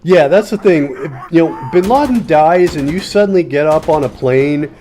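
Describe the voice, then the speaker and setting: A man's voice: fairly high pitch, expressive, normal speed, mellow. Rambling sardonic man over game gunfire. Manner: rambling, sardonic storytelling with many fillers and restarts. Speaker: gaming video host. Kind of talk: casual commentary while playing a shooter. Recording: faint gunfire and game noise behind.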